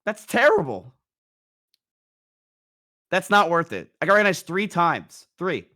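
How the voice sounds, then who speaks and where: A young man in casual chat, telling a rambling, animated story with frequent restarts. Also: sits high, unhurried. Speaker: streamer guest.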